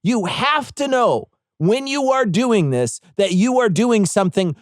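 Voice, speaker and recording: High-voiced profane ranting man. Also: very animated, measured pace, no room sound, studio quality. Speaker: podcast co-host. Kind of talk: casual political chat.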